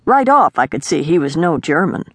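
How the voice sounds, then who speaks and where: A woman's voice: low-pitched, big pitch swings, moderate pace, no echo. Woman reading a novel, dry sound. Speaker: audiobook narrator. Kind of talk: scripted first-person novel narration.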